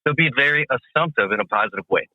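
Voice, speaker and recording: Talking fast and expressively in a mid-range voice, a man offers sales advice as a guest landscaping business coach on a phone call. The tinny, dry line has no echo, and he sounds confident and emphatic, acting out how customers talk.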